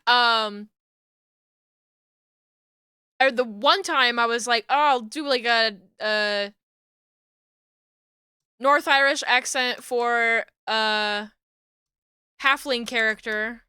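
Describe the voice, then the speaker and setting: A woman's voice: a little high, takes it slowly, long pauses, sharp tone, clean tone, no echo, studio quality. A woman streamer chatting casually while she works, laughing often and swearing lightly. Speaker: streamer and 3D rigger. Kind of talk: casual live-stream chat while working.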